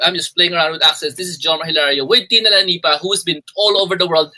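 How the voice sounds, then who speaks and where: A man's voice: on the high side, quick pace, hardly any pauses, sharp tone, poor audio. A man from the Philippines hosting a casual live-stream chat, playful and joking, slipping in Filipino phrases. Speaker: host.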